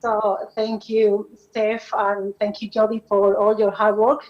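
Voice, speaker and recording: A woman whose first language is Spanish, giving a halting, emotional acceptance speech over a video call, laughing between her thanks. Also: mid-range voice, level tone, a little mellow. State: emotional, close to tears. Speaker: award winner. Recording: muffled video call audio.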